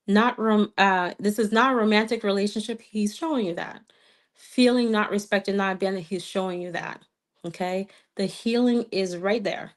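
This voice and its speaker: Earnest woman coaching with a slight accent. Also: medium pitch. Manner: earnest, coaching, checks in with frequent "okay?"; repeats key phrases for emphasis. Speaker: twin flame coach. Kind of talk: live stream Q&A, answering viewer comments.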